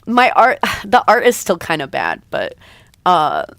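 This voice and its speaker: A woman's voice: fairly low pitch, wildly swooping pitch, a little slow, a bit bright, no echo. A woman streamer with a slightly raw voice, chatting casually with her viewers in a rambling, hesitant way. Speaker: streamer and artist. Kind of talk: casual live-stream chat.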